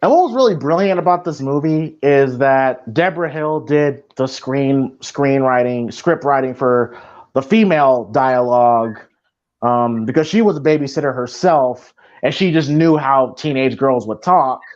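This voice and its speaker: A man from Iowa, US, co-hosts a casual movie commentary podcast, speaking in a mid-range voice at a measured pace. He rambles with many restarts and fillers, and the recording has a dull lo-fi sound.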